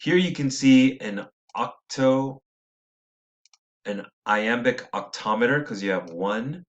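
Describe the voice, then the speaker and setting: A man teaching a poetry lesson, reading lines slowly with stressed syllables and thinking aloud with small self-corrections. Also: medium pitch, lively intonation, lo-fi sound.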